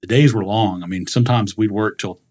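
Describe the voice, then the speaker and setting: Give me a middle-aged man with a somewhat low voice, telling a long story in a casual interview and acting out dialogue. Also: fairly quick, darkish tone, breathy edge. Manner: rambling, many "you know" fillers, acts out quoted dialogue. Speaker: guest, industrial leasing director.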